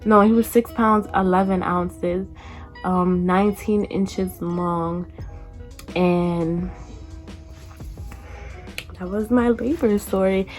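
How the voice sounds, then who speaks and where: A young woman in her twenties tells a personal story to her channel, casual and chatty. Her voice sits at a middle pitch, and she slips into a higher voice to quote other people. Faint music plays softly underneath. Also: steady tone, slow pace, long pauses. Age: 20s. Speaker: vlogger. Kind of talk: storytime vlog.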